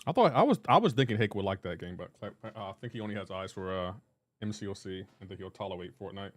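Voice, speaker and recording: Live-streaming a game, a young man banters with his chat, teasing them playfully and breaking into laughter. He talks fast in a low, animated voice.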